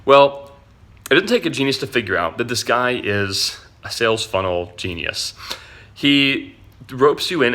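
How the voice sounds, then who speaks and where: A man's voice: mid-range voice, pushed and bright. A man telling a story casually as an online marketing vlogger, chatty and slangy. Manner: chatty, slangy, says "dude" a lot.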